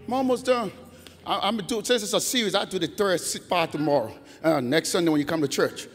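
A middle-aged man giving a church testimony in a preaching cadence that swells into shouted, half-sung praise. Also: sits high, quick pace. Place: large church sanctuary. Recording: long church reverb, faint organ music.

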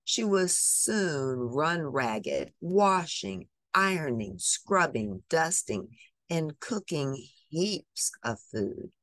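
A woman reading a picture book aloud, expressive and animated. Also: low-pitched, very slow, no echo. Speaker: storybook reader.

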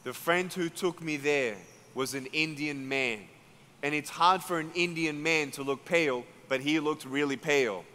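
A man with an Australian accent, preaching a sermon as an evangelist and telling a story, acting out each person's words and building to loud climaxes. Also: fairly high pitch, normal speed. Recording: long hall reverb.

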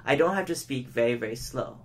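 A man giving a public speaking lesson, who shows each point by speeding up, slowing down and shifting his tone of voice. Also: medium pitch, lively intonation. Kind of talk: educational lesson to camera.

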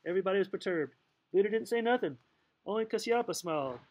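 High-voiced man reading a story aloud. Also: lively intonation, fast, a little mellow, rough recording. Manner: loose, playful reading with slips and asides. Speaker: audiobook reader. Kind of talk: casual read-aloud narration.

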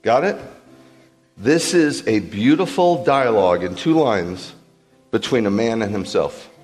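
On the low side and at a measured pace, this rabbi's voice fills a large hall with big-room sound over faint music. His sermon to the congregation is animated and instructive, with frequent questions to check that people are following.

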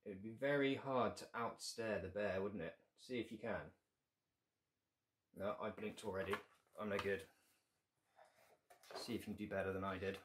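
A man's voice: fairly low pitch, fairly even intonation, normal speed, long pauses. A man reading his picture book aloud to children, with playful asides to young listeners.

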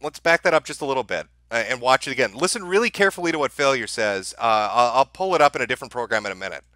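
A man's voice: mid-range voice, expressive, rapid-fire, pushed and bright, dry recording. A man giving mocking commentary over a video clip, sarcastic and laughing at the footage. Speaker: online commentator.

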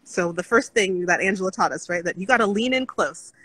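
A woman hosting a podcast chat with a bright, forceful tone. She speaks earnestly and encouragingly, restarting her thoughts as she goes. Her pitch sits in an ordinary middle range. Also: animated, a little fast, slightly rough, rough recording. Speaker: podcast co-host. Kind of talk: casual interview chat.

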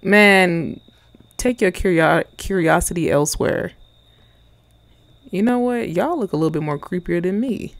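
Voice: mid-range voice, unhurried, long pauses, no echo. A person giving casual, playful commentary while playing a video game, cracking jokes and talking back to the characters in slang. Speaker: gaming channel host.

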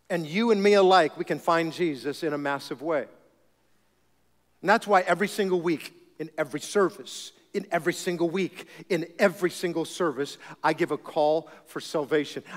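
High-voiced man preaching in a reverberant church. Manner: animated, humorous storytelling. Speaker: pastor. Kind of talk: sermon.

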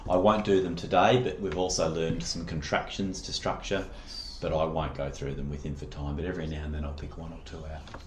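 Deep-voiced male phonics tutor. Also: flat delivery, fairly quick, a little hiss or hum. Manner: patient, encouraging drill prompts. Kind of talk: one-on-one phonics lesson. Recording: echoey room.

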